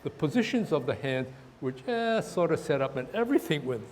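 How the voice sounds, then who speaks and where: Male tai chi teacher, halting and repetitive while demonstrating, faint background noise. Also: on the high side, very animated. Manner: halting, repeats words, talks while demonstrating moves. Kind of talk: outdoor class instruction. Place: park, outdoors.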